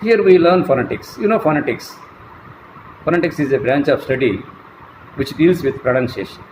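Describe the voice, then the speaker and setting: A man giving a slow, deliberate classroom lecture as a college lecturer, spelling words out letter by letter. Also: a little high, expressive, darkish tone. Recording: echoey room, faint traffic noise.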